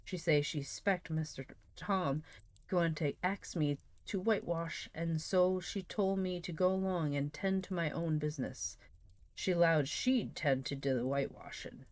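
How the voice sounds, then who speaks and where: A woman's voice: low voice, unhurried, dry recording. A woman reading aloud and voicing a timid young boy who hesitates to break his orders, in a storybook reading. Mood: wary. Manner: hesitant, rustic dialect speech. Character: timid young boy servant, easily tempted.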